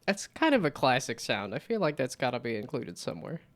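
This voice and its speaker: A man chatting casually on a live stream while building a game, rambling and self-mocking, with frequent laughter and silly high whoops. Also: sing-song, fairly quick, a bit bright.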